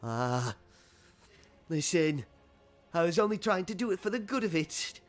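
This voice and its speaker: A man's voice: on the high side, very animated, unhurried, soft background music, voice pushed up. Man playing an ancient whining elf. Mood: pleading. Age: older. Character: ancient frail elven man, cowardly and pleading.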